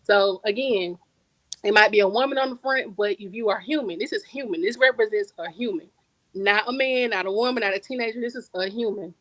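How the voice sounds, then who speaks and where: A woman's voice: medium pitch, fairly quick, fairly bright tone, no room sound, poor audio. A woman author talks on a podcast in a mid-range voice. She tells stories in loose, slangy speech and repeats words to drive a point home. The sound is dry and close, with no room around it. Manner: emphatic, repeats words for stress; storytelling, conversational slang. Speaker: guest author. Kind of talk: casual podcast interview.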